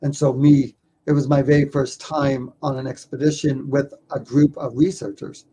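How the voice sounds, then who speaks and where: A man who is a documentary filmmaker, telling a story in an interview with lively stammers and repeated words. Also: mid-range voice, moderate pace, slight background noise.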